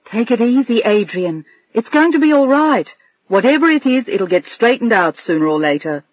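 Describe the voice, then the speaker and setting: A narrator voicing a gentle, protective man who speaks calmly and reassuringly. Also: very high voice, moderate pace, no room sound, dull audio, heavily acted. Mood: concerned.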